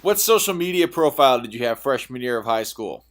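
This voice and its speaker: Quick, teasing man. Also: mid-range voice, expressive. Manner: joking, needles his co-host with leading questions. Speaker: podcast co-host. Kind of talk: casual sports chat.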